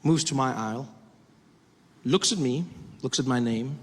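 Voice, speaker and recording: A man's voice: medium pitch, measured pace. A male stand-up comedian telling a story on stage before a live audience and acting out its characters. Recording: echoey hall with audience noise.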